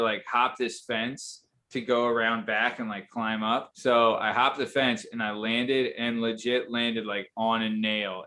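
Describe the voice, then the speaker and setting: A male podcast host with a bright, forceful voice, bantering in loose casual chat. He swears freely and keeps the mood upbeat. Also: on the low side.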